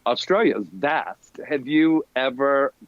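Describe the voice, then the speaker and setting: Middle-aged man, podcast guest, animated storyteller, casual, dull lo-fi sound, dry room. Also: medium pitch, unhurried, no room sound. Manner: animated storyteller, laughs often.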